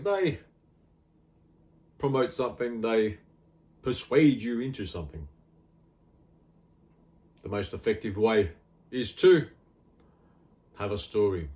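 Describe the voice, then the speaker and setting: A man's voice: medium pitch, sing-song, a little slow, pauses often, darkish tone. A middle-aged man with an Australian accent, talking in a rambling, blunt and wry casual monologue full of fillers. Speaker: health vlogger.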